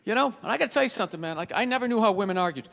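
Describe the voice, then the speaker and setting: A man with a Boston accent doing a profane stand-up rant, bursting into shouts, on a stage mic. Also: high-pitched, animated, racing, gravelly. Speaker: stand-up comedian. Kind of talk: stand-up routine. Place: large theater stage with audience. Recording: live hall with crowd laughter.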